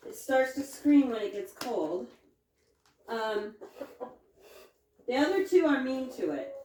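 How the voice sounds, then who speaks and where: Woman homesteader, casual chore-time chatter, lively pitch that jumps high when she coaxes her animals; recorded from a distance in an echoey barn with faint clucking behind. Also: slight background noise. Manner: chatty, switches into high sing-song coaxing when talking to her animals. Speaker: homesteader milking her goats. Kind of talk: casual chat while doing farm chores. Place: indoor barn or milking shed with chickens. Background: chickens clucking.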